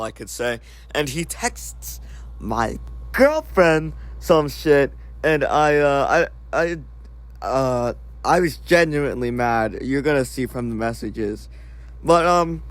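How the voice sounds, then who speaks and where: A young man at an everyday middle pitch rants through a casual storytime over screenshots. He is sarcastic and profane. His delivery keeps tripping on fillers and restarts. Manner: frequent filler words and restarts. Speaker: vlogger recounting an online dispute.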